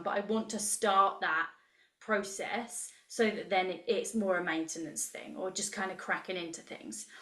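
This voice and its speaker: A woman in her thirties, leading a live online coaching session in an enthusiastic, chatty way and reacting to messages from the chat. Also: medium pitch. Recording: roomy echo.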